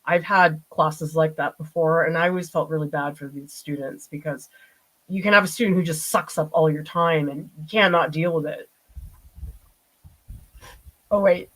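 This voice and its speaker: A woman's voice: on the low side, rough recording. A middle-aged woman art professor, chatting and telling stories with laughs while painting on a live stream. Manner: chatty, animated storytelling with laughs. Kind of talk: live-stream painting demo answering chat.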